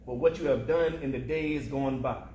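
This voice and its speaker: Pious older woman traveler as a male preacher quotes her, calm and measured, with a roomy echo. Mid-range pitch. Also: muffled recording, a little hiss or hum, natural voice.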